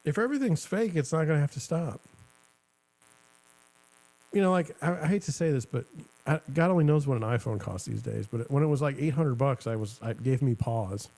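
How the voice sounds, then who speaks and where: A middle-aged man riffs in a casual, sarcastic ramble, stopping and restarting his thoughts. His voice is gravelly with a warm, dark tone at an ordinary male pitch. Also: brisk. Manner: rambling, sarcastic, self-interrupting. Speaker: show host. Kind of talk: casual commentary.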